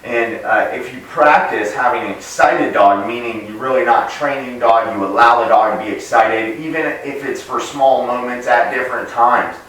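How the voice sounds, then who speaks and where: A man working as a dog trainer, explaining in a relaxed, plain way with frequent pauses and restarts. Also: medium pitch. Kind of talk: casual instructional talk to camera. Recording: echoey room, voice picked up from a distance.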